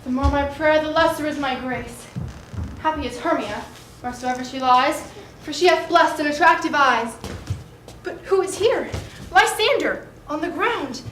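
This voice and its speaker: A woman's voice: high voice, normal speed, a bit bright, faint music behind. A woman as a pleading, lovesick young woman. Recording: echoey stage recording.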